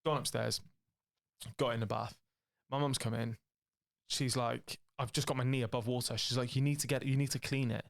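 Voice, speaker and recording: A man's voice: mid-range voice, normal speed, gravelly. A man in his late thirties with a British English accent, telling a rambling, profane story on a podcast and acting out the people in it. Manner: rambling, profane, animated storytelling with acted-out quotes. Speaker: podcast co-host. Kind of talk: casual storytelling chat.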